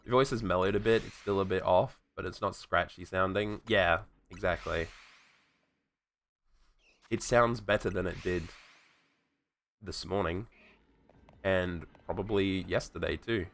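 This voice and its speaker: Low and fairly bright, this man's voice moves unhurriedly and pauses often as he streams a game despite being sick with a sore throat. His casual gameplay chat is rambling, profane and self-directed, over faint background music.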